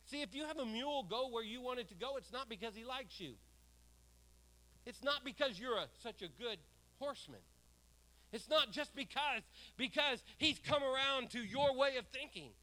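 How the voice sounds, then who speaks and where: A male pastor preaching with a high, bright, ringing voice. He throws questions out to the congregation and waits for their answers. On key phrases he slows right down and pushes them out loud. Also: lively intonation. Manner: preaching with swells of loud emphasis and drawn-out words; asks the congregation questions and calls for responses. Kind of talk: sermon.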